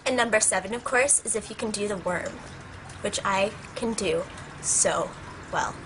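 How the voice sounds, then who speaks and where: A woman's voice: medium pitch, normal speed, background noise. A young woman vlogging in a playful, joking, goofy way. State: out of breath. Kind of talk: casual comedic vlog.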